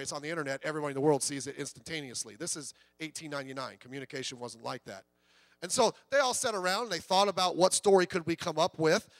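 High-voiced man preaching a sermon. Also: fairly bright tone, dry recording. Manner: conversational preaching with anecdotes and quoted voices. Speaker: pastor.

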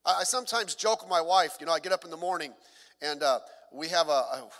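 A man's voice: a little high, fast, fairly bright tone, in a large hall. A middle-aged man, a pastor, preaching a sermon in a conversational way with joking asides.

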